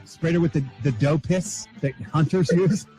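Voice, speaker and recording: A man's voice: a little high, moderate pace, over music, low-quality recording. A man riffing playfully on a podcast, rambling through silly ideas. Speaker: podcast co-host. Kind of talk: casual comedy chat.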